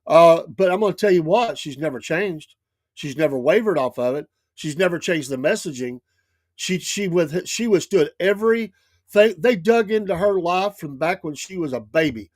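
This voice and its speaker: A man's voice: a little high, animated, moderate pace, no room sound, clean studio sound. A man hosting a talk show, giving emphatic, repetitive political commentary with frequent restarts. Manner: emphatic, repetitive, frequent restarts and "I'm gonna tell you". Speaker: radio talk show host.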